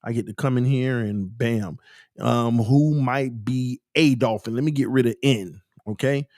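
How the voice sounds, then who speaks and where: A man hosting a casual sports fan livestream, ranting and repeating himself with bursts of laughter and shouting. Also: medium pitch, unhurried, dry recording, clean studio sound. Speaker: sports channel host.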